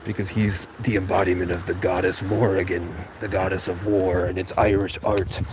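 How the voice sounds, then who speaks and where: A man's voice: low-pitched, little pitch movement, normal speed, hardly any pauses, heavy background noise. A man rambling on a casual livestream from a tent outdoors in cold rain, talking to his chat and swearing freely. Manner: rambling, swearing, talks to chat, bursts into song and sudden shouts.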